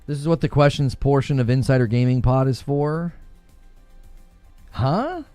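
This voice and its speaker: A man's voice: medium pitch, measured pace, warm tone, no echo, soft background music. A man hosting a gaming podcast in casual chat, rambling with many fillers and laughing easily. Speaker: gaming news podcast host.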